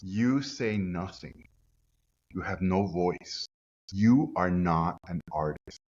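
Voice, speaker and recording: A man imitating a stern older male art teacher who speaks slowly with clipped, inverted phrasing. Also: on the low side, lively intonation, muffled recording, slight background noise, close to an everyday voice. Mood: harsh.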